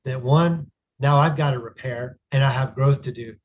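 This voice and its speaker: Man, thirties, podcast guest, earnest reflective storytelling, middle-pitched voice. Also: normal speed, lo-fi sound. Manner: earnest, reflective, frequent restarts. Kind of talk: casual conversational storytelling.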